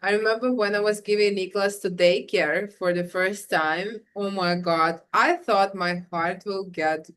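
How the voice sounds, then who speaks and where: Chatty mom stretching words for emphasis. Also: female voice, mid-range voice, fairly even intonation, unhurried, hardly any pauses, fairly bright tone, clear, resonant tone. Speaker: podcast co-host, working mother. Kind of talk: casual podcast chat.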